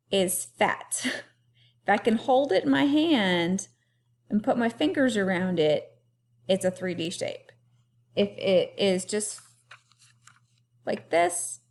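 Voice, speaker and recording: A woman teacher giving a remote lesson to young children, talking clearly and having them repeat words after her. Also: medium pitch, darkish tone. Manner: slow, clearly paced teacher talk with call-and-repeat.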